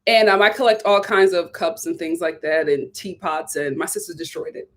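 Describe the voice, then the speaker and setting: A young woman from Philadelphia hosting a live stream, reading viewer comments with sassy, animated chat and frequent laughter. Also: fairly low pitch, moderate pace.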